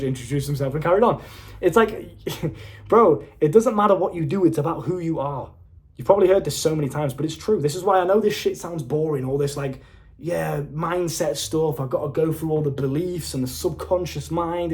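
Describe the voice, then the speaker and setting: Young man, self-improvement coach, casual motivational monologue, blunt and excitable, swears often. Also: a little high, brisk. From United Kingdom.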